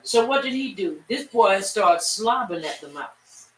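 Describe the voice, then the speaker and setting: Woman Bible-class teacher, animated storyteller, bright tone, distant echoey room mic. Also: mid-range voice, measured pace. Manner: lively storyteller, talks straight to the class.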